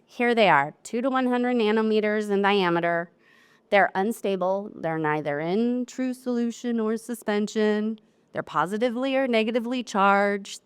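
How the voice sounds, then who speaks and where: A woman presenting a live technical seminar to an audience. She talks in a chatty, lively way and acts out quotes from her clients. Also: mid-range voice, clean tone. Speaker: wine lab specialist presenting a seminar.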